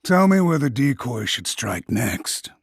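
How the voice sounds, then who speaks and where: A man's voice: medium pitch, very animated, unhurried, vocal fry, breathy edge, no room sound, studio quality, full character voice. A man voicing a stern male soldier with firm, clipped lines in an audiobook reading. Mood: cold.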